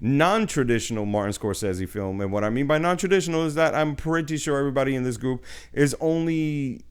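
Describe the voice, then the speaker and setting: An upbeat man hosts a casual movie podcast. He talks at a middle pitch, rambling with fillers and quick laughs. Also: animated, clear, resonant tone. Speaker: podcast host. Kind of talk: casual chat.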